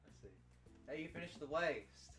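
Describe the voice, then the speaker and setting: A man's voice: a little high, expressive, moderate pace, fairly bright tone. A man co-hosting a casual podcast, teasing his friends and laughing often. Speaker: podcast co-host. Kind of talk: casual chat. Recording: distant mic with background music.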